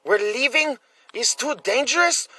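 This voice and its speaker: A man voicing a hotheaded young male survivor who shouts accusations. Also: very high voice, animated, a little slow, voice pushed up, heavily acted. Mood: angry.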